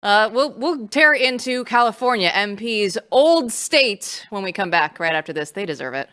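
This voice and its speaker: A woman hosting a political news talk show, brisk and sardonic. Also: mid-range voice, lively intonation, a bit bright.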